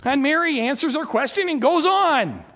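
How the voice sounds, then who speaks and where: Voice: sits high, moderate pace. A preacher giving a sermon, who reads a scripture passage and then explains it conversationally, acting out the scenes. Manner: animated, acts out scenes. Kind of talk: sermon with Bible reading.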